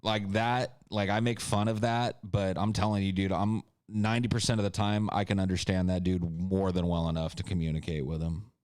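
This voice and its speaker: Deep-voiced man in a crude comedic rant. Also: little pitch movement, a little fast, few pauses, a little mellow, dry recording, studio quality. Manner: crude, joking, ranting. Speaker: podcast host. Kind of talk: casual comedic podcast chat.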